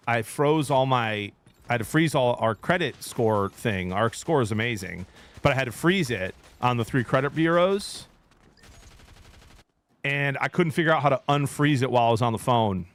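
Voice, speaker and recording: A man's voice: medium pitch, expressive, normal speed. A man in his thirties, a streamer, telling a rambling story in casual chat with his viewers.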